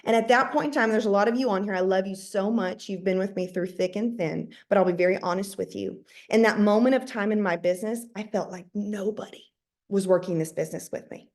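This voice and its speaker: A woman's voice: medium pitch, steady tone, quick pace, hardly any pauses, a little mellow. A woman in her thirties giving an emphatic motivational talk to her team, often repeating words for emphasis. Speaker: network marketing team leader.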